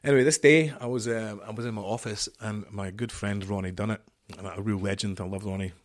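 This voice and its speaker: A man's voice: lowish voice, fairly even intonation, a little fast. A middle-aged man telling a rambling, profane war story as a podcast guest, leaning on "you know" as he goes. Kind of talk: casual storytelling interview.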